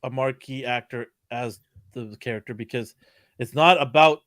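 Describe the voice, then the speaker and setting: A man's voice: mid-range voice, moderate pace, fairly bright tone, no echo, clean studio sound. A man co-hosting a casual podcast, pressing his point by repeating it. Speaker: podcast co-host. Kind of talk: casual chat.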